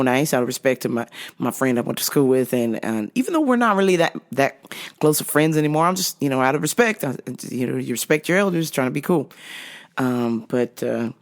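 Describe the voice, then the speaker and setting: A woman hosting a casual monologue, blunt and profane, laughing often as she talks. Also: very deep voice. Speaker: host.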